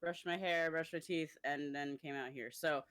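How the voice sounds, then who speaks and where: A woman's voice: deep voice, fairly even intonation, moderate pace, a bit bright, dry recording. A woman player chatting in a laid-back way on a voice call. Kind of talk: casual chat on a voice call.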